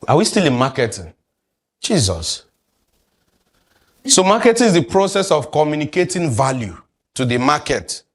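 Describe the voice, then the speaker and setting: A man's voice: fairly high pitch, very animated, normal speed, long pauses. A man, teaching a sales class and quizzing his audience. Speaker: sales trainer. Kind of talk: classroom lecture.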